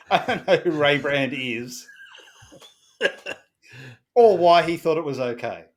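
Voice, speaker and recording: A man's voice: a little high, animated, takes it slowly, a little hiss or hum. A man co-hosting a casual podcast, reading dictated text aloud and laughing through it. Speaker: podcast co-host. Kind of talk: casual chat.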